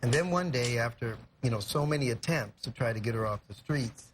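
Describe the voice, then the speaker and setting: A man's voice: medium pitch, lively intonation, fairly quick, slight background noise. A young man from California, a guest in a TV studio, telling an emotional story earnestly and reflectively, with many "you know" fillers. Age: young adult.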